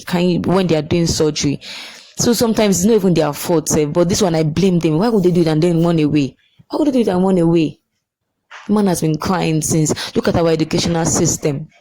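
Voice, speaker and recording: A woman's voice: low-pitched, warm tone, rough recording. A woman with a Nigerian accent giving casual, emotional news commentary, repeating herself for emphasis and slipping into pidgin.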